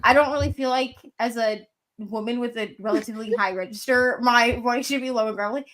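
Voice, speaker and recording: A woman in a casual livestream chat who tells an animated story, full of "like" fillers. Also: a little high, a little fast, a little hiss or hum. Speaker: co-host.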